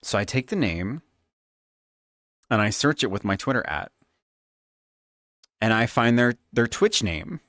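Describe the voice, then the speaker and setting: Man, flamboyant, tipsy, Valley Girl lilt, lively swooping pitch, dry close sound. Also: unhurried, pauses often, no echo. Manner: flamboyant, animated. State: tipsy from drinking. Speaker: streamer. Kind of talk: casual stream chat.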